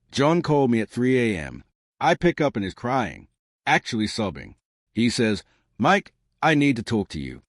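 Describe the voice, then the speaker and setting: A man's voice: lowish voice, no echo, clean studio sound. A man giving scripted first-person narration about personal finance, reading out dollar figures with an emphatic, punchy delivery.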